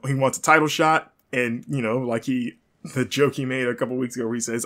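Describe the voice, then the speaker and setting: A young man talks through a wrestling recap in a loose, chatty way. He rambles, corrects himself often and drops dry jokes along the way. His voice sits at an ordinary middle pitch for a man. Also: little pitch movement, brisk, a bit bright. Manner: rambling, chatty, frequent fillers and self-corrections; dry, joking asides. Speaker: podcast host recapping wrestling. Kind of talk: casual recap monologue.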